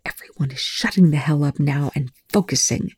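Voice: mid-range voice, normal speed, gravelly, dark tone, no echo, studio quality. A narrator voicing a blunt, tense male military officer who hisses and snaps his words, in an audiobook reading. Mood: tense, hushed. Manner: terse, hissing, snapping. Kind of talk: audiobook reading of fan fiction.

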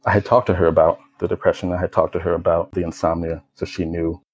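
A young man from the United States recounting a personal experience in a low-key, reflective way, with many casual fillers. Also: level tone, fast talker, low-quality recording. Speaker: storyteller. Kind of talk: personal testimony.

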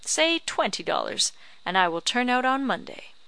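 A woman's voice: on the high side, very animated, moderate pace, gravelly, clear, resonant tone, dry recording, voice pushed up, heavily acted. A woman doing a tart, haggling old backwoods crone. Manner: sharp, bargaining, scornful. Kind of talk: audiobook character reading.

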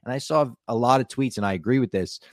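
A man's voice: mid-range voice, fast talker, no echo, clean studio sound. A man on a podcast recapping a TV episode in casual, enthusiastic talk, retelling scenes. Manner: enthusiastic, narrates scenes with acted quotes. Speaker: podcast co-host.

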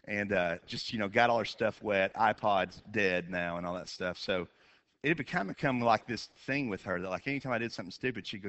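A man telling a comic story on stage, animated, with quick asides and sudden shouted bursts. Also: fairly low pitch. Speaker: comedian. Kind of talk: storytelling stand-up.

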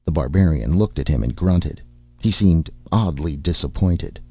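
A man reading a story aloud as a narrator, in measured scripted narration. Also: very deep voice, expressive, slightly rough, muffled recording, faint music behind. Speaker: audiobook narrator.

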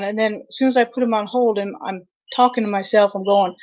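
A woman's voice: medium pitch, steady tone, normal speed. Earnest woman on a dull call line. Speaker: 911 dispatcher guest. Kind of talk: personal story on a virtual call. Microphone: video call.

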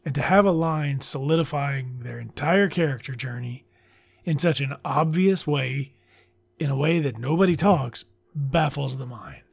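A man talks through a book review in a husky, gravelly voice, blunt and mocking. He swears without hesitation and drops into sarcastic asides. His pitch sits in the middle range. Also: measured pace. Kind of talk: casual commentary.

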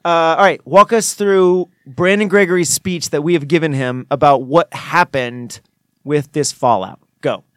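Higher-voiced man steering comedy banter. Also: unhurried, fairly bright tone, no echo, clean studio sound. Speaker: podcast co-host.

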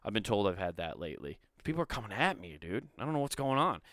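A man's voice: fairly low pitch, very animated, fast, a bit bright, no room sound, clean studio sound. A man casually reading an article aloud and breaking off to ramble, swear and make sarcastic asides. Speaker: video host.

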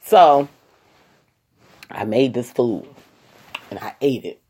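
A woman telling a personal story to her viewers in a casual, animated way, talking straight to them and acting out what people said. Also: very deep voice, takes it slowly, slight background noise. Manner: animated, acts out quoted voices; colloquial, addresses listeners as y'all.

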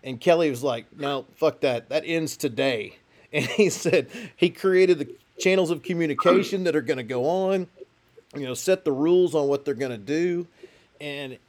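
A man's voice: fairly high pitch, a little mellow. A man co-hosting a casual sports podcast, rambling through stories and laughing often. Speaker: podcast co-host.

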